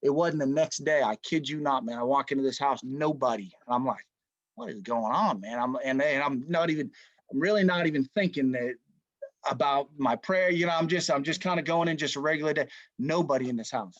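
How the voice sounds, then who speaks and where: A man's voice: mid-range voice, fairly quick, no room sound. Casual man teaching a Bible study. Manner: conversational, animated storytelling, says "man" often. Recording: dull dry lo-fi recording.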